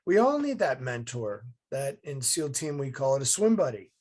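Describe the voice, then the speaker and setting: Man, vivid storytelling guest, lively and punchy, over a video call. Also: mid-range voice, normal speed. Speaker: guest, leadership advisor and former Navy SEAL. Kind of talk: storytelling interview answer.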